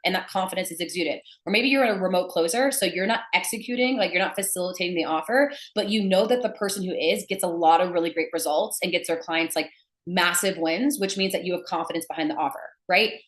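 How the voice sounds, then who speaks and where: Young adult woman, sales coach, emphatic and blunt, lowish voice, echoey room. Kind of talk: teaching to camera.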